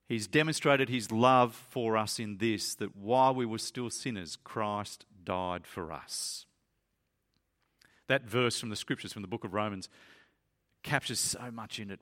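A man preaching a sermon, earnest and emphatic, who reads a story aloud to his listeners. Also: fairly bright tone. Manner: earnest and emphatic, climbing higher when stressing points.

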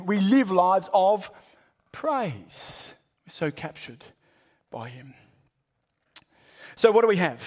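A man preaching a sermon in a high voice. He builds emphasis by repeating phrases, then drops to a near hush before lifting again. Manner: emphatic, with swings between loud and hushed.

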